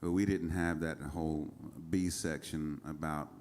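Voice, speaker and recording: A man's voice: a bass voice, fairly even intonation, slow pace, darkish tone. A man telling rambling stories between songs on a small concert stage, with many fillers and chuckles. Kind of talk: casual onstage storytelling.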